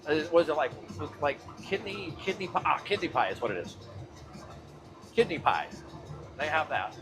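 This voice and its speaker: A man's voice: fairly high pitch, sing-song, normal speed, over music. A man hosting a livestream from his truck cab, talking loosely with his chat and swearing casually as he drives.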